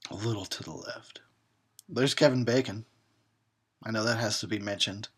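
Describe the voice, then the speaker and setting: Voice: medium pitch, normal speed, husky. A horror host giving a drunken commentary on a film, rambling and swearing and often breaking into laughter.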